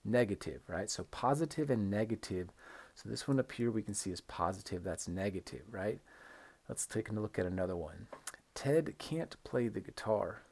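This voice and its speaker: A man teaching an English lesson on video, modeling intonation slowly and emphatically and checking in with "right?" between examples. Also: on the low side, darkish tone, husky. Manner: repeats words for stress, frequent "right?" checks. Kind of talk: recorded online lesson.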